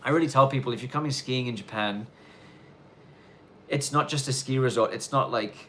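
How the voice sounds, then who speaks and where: This livestream host has a mid-range voice that is brisk, bright, and forceful, with a little hiss or hum underneath. He chats through a casual live Q&A from snowy rural Japan, loose and rambling, full of fillers and restarts.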